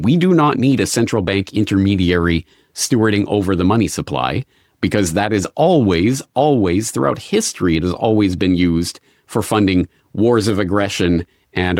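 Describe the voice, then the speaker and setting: Middle-aged male guest, low register, measured and deliberate, dry close-miked sound. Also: no room sound. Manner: measured, restarts phrases, occasional dry laugh. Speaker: interview guest. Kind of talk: conversational interview answers.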